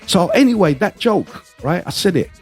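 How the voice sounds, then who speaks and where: A man's voice: high voice, very animated, normal speed, breathy edge, faint music behind. A man hosting a casual podcast, telling rambling anecdotes and swearing freely. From London. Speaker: podcast host.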